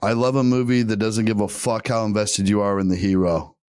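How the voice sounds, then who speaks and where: A man's voice: lowish voice, fairly even intonation, fairly quick, darkish tone, clean tone, no echo, clean studio sound. A man co-hosting a comedy podcast, talking in a wry, laid-back way with casual swearing.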